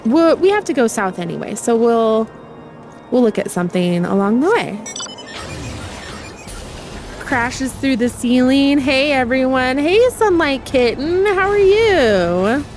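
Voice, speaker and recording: A young adult woman streaming a game in casual chat, chatty and excitable, often gasping. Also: high-pitched, takes it slowly, faint music behind.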